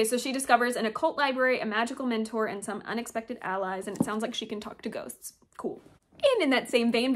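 Chatty, higher-voiced woman gushing over books. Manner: gushing, chatty, reads blurbs aloud. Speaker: booktuber. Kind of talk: casual book haul vlog.

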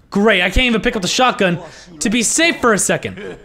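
A man giving let's play commentary as a gaming host, frustrated, swearing constantly and yelling at the game. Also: sits high, fairly quick, gravelly, soft background music. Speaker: gaming YouTuber.

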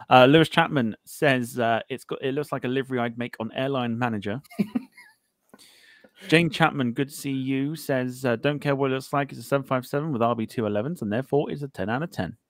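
A man talks in a relaxed, chatty way as he hosts a podcast and reads out comments from his viewers. He jokes along and trips over the odd word. His voice is mid-pitched and sounds close and dry, with almost no room sound. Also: a little fast, no echo. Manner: chatty, jokey, stumbles over words. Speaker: podcast host. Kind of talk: casual chat reading viewer comments.

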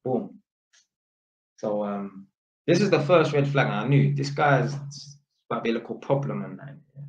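A man telling a story in a casual, animated way, full of street slang and tag questions. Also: medium pitch, normal speed. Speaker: vlogger. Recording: echoey room, dull lo-fi sound.

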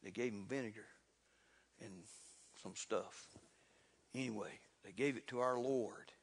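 Fervent preacher in a reverberant hall. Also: male voice, on the low side, measured pace, vocal fry, husky. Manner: fervent, builds to loud exclamations; folksy, repeats "look here". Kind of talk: sermon. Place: church sanctuary.

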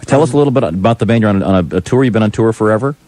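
A man's voice: fairly low pitch, lively intonation, a little mellow, no echo. A man hosting a morning radio show, joking with guests and stumbling over restarts. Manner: quick, jokey, stumbles and restarts. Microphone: studio mic.

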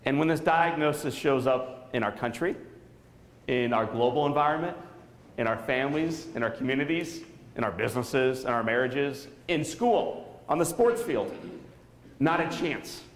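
A man's voice: medium pitch, animated, moderate pace. A man in his thirties giving an inspirational keynote speech at a school, telling a story dramatically and quizzing the audience. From Saint Louis area. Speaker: motivational speaker. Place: school auditorium. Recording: echoey hall.

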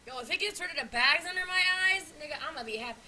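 A young woman vlogging at home in casual unscripted chat, swearing a lot and swinging between loud exclamations and muttered hums. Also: sits high, expressive, very fast, low-quality recording.

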